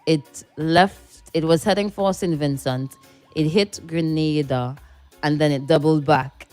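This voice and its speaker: A woman's voice: deep voice, unhurried, a little mellow, faint music behind. A woman from the Caribbean hosting morning radio, chatting casually and reading listener comments aloud, laughing often. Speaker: radio host.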